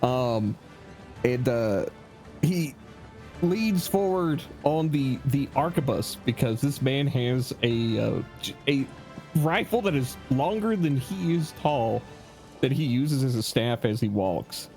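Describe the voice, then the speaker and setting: A man's voice: mid-range voice, expressive, takes it slowly, darkish tone. Male tabletop player, descriptive, lots of ums, faint music. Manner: descriptive, many fillers. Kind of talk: tabletop game play.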